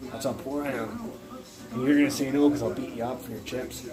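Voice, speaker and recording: A young man rambles into his phone on a casual livestream, swearing freely and cutting himself off mid-thought. His pitch sits in an ordinary middle range. A noisy crowd of background chatter runs under him the whole time. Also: fairly even intonation, fairly quick. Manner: blunt, profane, rambling, restarts mid-sentence. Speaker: live streamer. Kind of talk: casual rambling live-stream chat.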